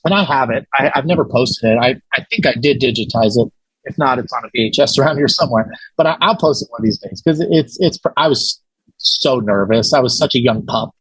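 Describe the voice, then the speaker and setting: Husky man telling a story animatedly. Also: mid-range voice, brisk, no room sound, rough recording. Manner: animated retelling with quoted voices, many fillers. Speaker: podcast guest. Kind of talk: casual storytelling.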